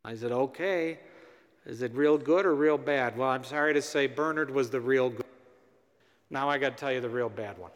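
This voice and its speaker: A man's voice: mid-range voice, moderate pace. A man, a priest, giving a storytelling sermon at a parish mission and acting out the dialogue with rising emphasis. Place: large church. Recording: long reverb of a church.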